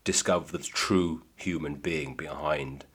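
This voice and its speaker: Very deep, husky-voiced deadpan man. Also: measured pace. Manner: deadpan, dry comic storytelling. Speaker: comedian guest. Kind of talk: casual podcast chat.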